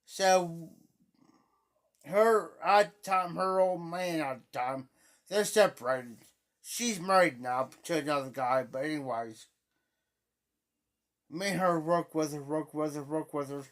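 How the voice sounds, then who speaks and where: A middle-aged livestream host telling a story in a casual way, repeating phrases and acting out quoted speech loudly. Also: mid-range voice, takes it slowly, long pauses.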